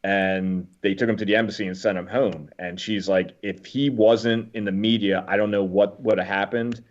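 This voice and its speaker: A man's voice: fairly low pitch, steady tone, normal speed, muffled recording. A man, a former Marine, talking as a podcast guest and telling stories bluntly, with some swearing. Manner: blunt storyteller, swears freely. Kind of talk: casual conversation.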